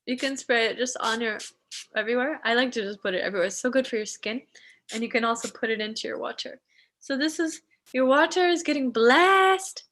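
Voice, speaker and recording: Woman ceremony host on a live stream, slow devotional delivery, bright and pitched a little high. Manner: soft, slow and devotional when blessing. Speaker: spiritual teacher and ceremony host.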